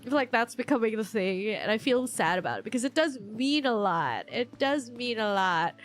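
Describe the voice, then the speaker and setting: A woman's voice: fairly high pitch, lively intonation, soft background music. A young woman streamer chatting casually while gaming, rambling and openly emotional, with many fillers and restarts. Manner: openly emotional, quick to gush. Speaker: live streamer.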